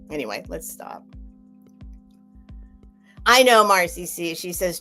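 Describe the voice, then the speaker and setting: A woman's voice: on the low side, expressive, drawn-out words, long pauses, sharp tone, faint music behind. Rambling middle-aged woman chatting to viewers. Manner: rambling, candid, answering chat by name. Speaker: live-stream seller. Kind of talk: casual chat with live chat viewers.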